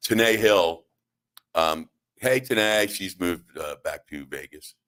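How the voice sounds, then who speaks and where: A middle-aged man with a very deep, low-pitched voice hosts a talk radio show from the studio. He tells comic stories in a rambling, halting way and keeps acting out the other people's lines. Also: fairly bright tone. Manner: rambling, halting, with acted-out quotes. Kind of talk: comedic storytelling on talk radio.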